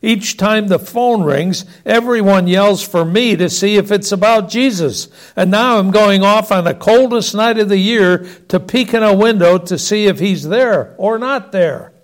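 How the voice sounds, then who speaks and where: A man's voice: sits high, a little slow, few pauses, pitched above the performer's own voice. A man voicing an exasperated father who grumbles and blusters, in a storytelling reading. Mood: grumbling.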